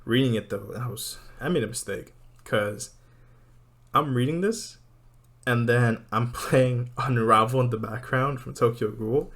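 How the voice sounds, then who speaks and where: Excited rambling man recapping anime. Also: mid-range voice, unhurried. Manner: excited, rambling, laughing often.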